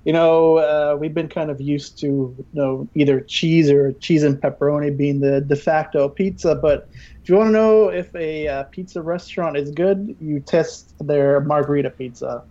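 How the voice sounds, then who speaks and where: A man's voice: a little high, fairly even intonation, normal speed, mellow, lo-fi sound. Playful man in a mock cooking demo. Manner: playful, hesitant with many fillers. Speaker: podcast guest. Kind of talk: mock cooking-show demonstration.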